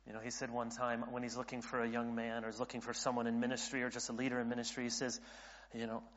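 Speaking fast and in a monotone, this late-thirties pastor has a mid-range, fairly bright voice. His earnest sermon keeps restarting mid-sentence and grows more intense, captured as dull audio echoing through a reverberant hall.

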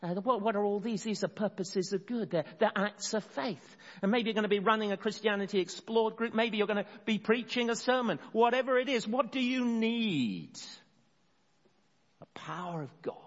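Earnest male preacher in a reverberant hall. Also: high voice. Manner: earnest, slows for emphasis, restarts phrases. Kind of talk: expository sermon. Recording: dull sound in a long-reverb hall.

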